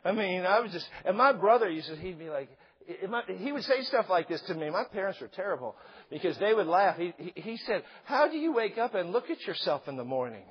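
A middle-aged male pastor preaching a sermon, animated and joking, acting out quotes along the way. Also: high voice, a little fast. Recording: slightly dull lo-fi sound.

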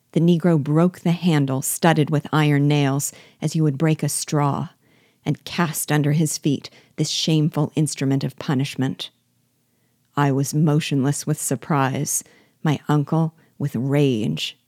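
A woman reading a classic novel aloud in a slow, measured way, as a reader guiding her listeners. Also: deep voice, dark tone, no room sound, studio quality. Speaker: reader and teacher.

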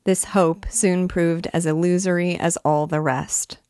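Woman reading a classic novel aloud, low voice, measured, dry close sound. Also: smooth, dry recording. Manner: measured, expressive. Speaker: reader and teacher.

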